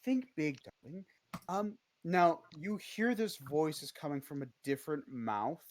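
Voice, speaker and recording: A game master narrating a tabletop game in a relaxed, hesitant way, with many fillers. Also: mid-range voice, unhurried, slight background noise.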